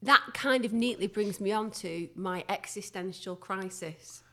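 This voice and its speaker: A middle-aged woman hosts a podcast from her home kitchen. She talks in a chatty, expressive way and lets her thoughts ramble on. Her voice sits in the middle range for a woman. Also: medium pitch, measured pace. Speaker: podcast host. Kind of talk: casual podcast chat.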